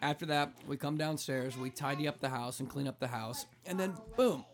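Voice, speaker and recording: Chatty man with a relaxed, filler-heavy way of talking. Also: medium pitch, brisk. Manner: relaxed, talkative, lots of "like" fillers. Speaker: pastor and podcast host. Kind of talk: casual chat.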